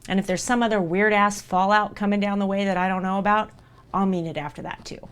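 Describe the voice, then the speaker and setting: A woman's voice: medium pitch, steady tone, quick pace, smooth. A woman streamer talking live to her viewers in an earnest, reassuring way, repeating herself for emphasis.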